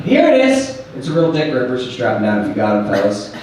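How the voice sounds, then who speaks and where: A man's voice: mid-range voice, wildly swooping pitch, quick pace. A man doing stand-up crowd work, brash and self-mocking, swearing freely. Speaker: stand-up comedian. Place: small comedy club stage. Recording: echoey club from a distance, audience noise. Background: audience laughter.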